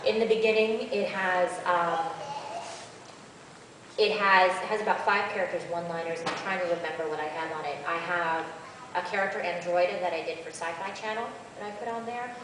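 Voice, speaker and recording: A woman, a voice actress on a convention panel, answering questions in an animated, chatty and rambling way, recorded by a far camera. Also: lowish voice, fairly quick, noisy background. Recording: echoey hall from far off.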